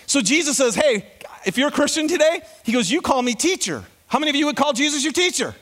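A male pastor preaching a sermon in an animated way, throwing questions out to the congregation. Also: extremely high pitch, fast.

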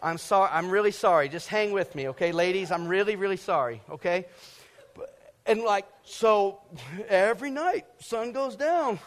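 Guy with a higher voice preaching on stage, lots of stories, acts stuff out with little sound effects, from georgia. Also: moderate pace. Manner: animated storytelling, acts out scenes and sound effects. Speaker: pastor. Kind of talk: sermon with personal stories. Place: stage before a live congregation.

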